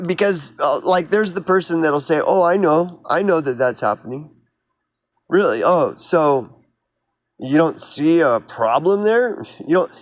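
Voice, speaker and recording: A man from Oklahoma, a YouTuber, rants heatedly and sarcastically in a vlog monologue, sounding mocking and exasperated. His voice is a little high, and the recording has no echo.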